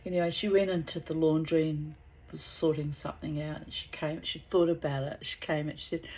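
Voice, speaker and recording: Low-voiced chatty woman. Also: fairly quick, poor audio. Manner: chatty, digressive, animated. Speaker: author. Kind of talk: casual storytelling with asides.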